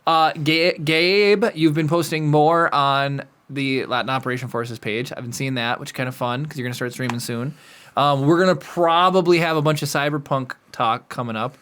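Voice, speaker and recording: A man co-hosting a podcast in casual chat, jokey and animated, often laughing. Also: a little high, moderate pace, clear, resonant tone. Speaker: podcast co-host.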